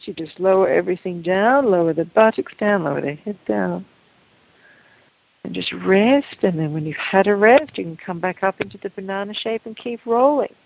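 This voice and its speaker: A woman teaching a Feldenkrais movement lesson over a video call, giving calm, gentle, unhurried instructions. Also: medium pitch, vocal fry, no room sound. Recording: tinny, phone-like call audio, dry.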